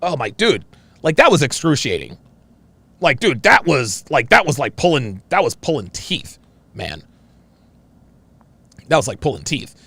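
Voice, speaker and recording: Male stream host, distinctive voice, big high-to-low swings, gravelly edge, dry close sound. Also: sing-song, a little slow, long pauses, a bit bright, no room sound. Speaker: show host reading viewer messages. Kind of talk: live-stream commentary.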